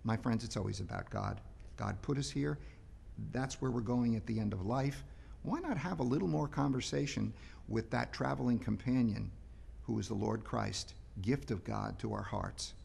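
Brief: male priest, mid-pitched and gravelly, earnest sermon delivery, restarts words for emphasis. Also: normal speed, darkish tone. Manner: earnest, repeats words when pressing a point. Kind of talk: daily reflection sermon.

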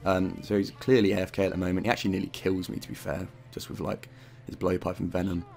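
Low-voiced man swearing through gameplay commentary. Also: little pitch movement, fast, vocal fry, a little mellow. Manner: swears often, loose rambling narration with fillers. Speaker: gaming YouTuber narrating his own gameplay.

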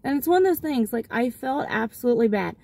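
A woman's voice: on the high side, lively intonation, fast, creaky, dark tone, no room sound. A young adult woman and mother telling a story in a rambling, casual way from her car, with lots of fillers and restarts. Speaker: vlogger and mother.

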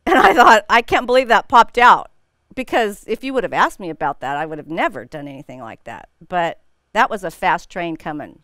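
Lively middle-aged woman Bible teacher. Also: lowish voice, fairly quick, dry recording, clean studio sound. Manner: animated, chatty, laughs often. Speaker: women's Bible study teacher. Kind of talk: Bible teaching with personal storytelling.

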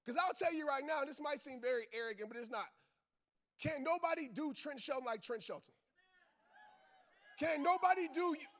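A very high-pitched, slightly bright male voice carries this motivational speech before a live audience. The speaker, a football coach and father, is preachy and emphatic, talking directly to the crowd in casual Southern slang and circling back to his key lines.

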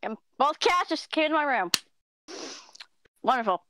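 Young female voice actor, a bit high-pitched, casual and filler-heavy chat. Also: big pitch swings, measured pace, background noise. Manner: chatty, peppered with "like", laughs easily.

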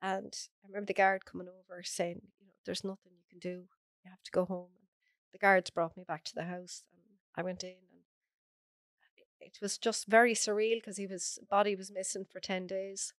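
A woman's voice: medium pitch, little pitch movement, moderate pace, no room sound. An Irish woman, a podcast guest, earnestly recounting a personal story in close detail. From Ireland.

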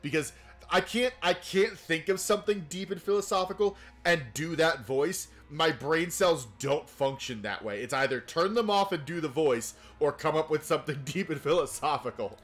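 Bright, goofy male streamer. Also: fairly high pitch, normal speed, soft background music. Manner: goofy, rambling, laughing often. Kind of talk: casual let's-play chat.

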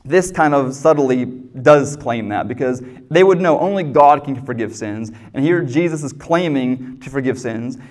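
A man's voice: medium pitch, moderate pace, few pauses. A man preaching a sermon as pastor, teaching in a conversational, emphatic way with rhetorical questions.

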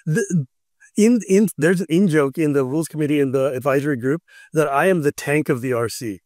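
A man hosting a casual podcast in a slightly higher voice, recorded dry with no room sound. He tells stories with animation and laughs often. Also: a little fast, a little mellow, no echo. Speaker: podcast host.

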